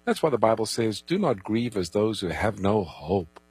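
Bible radio co-host, man, low husky voice that moves around a lot, calm, takes the calls. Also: moderate pace, no echo, low-quality recording. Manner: calm, reassuring, gives phone numbers and takes calls. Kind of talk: radio call-in Bible answers.

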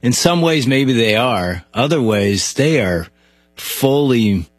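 A man hosts a radio show in a conversational way. His voice is mid-pitched and a little husky. The sound is dry and close. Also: expressive, slow pace, no room sound. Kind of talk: host conversation and sponsor appeal.

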